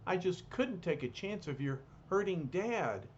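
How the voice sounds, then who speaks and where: An anxious young heroine from a comic, read aloud by a man. Her soft, apologetic lines sit in a raised, lively voice. The sound is dull and lo-fi. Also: sits high, measured pace, a little hiss or hum, pitched above the performer's own voice. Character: anxious young woman hero.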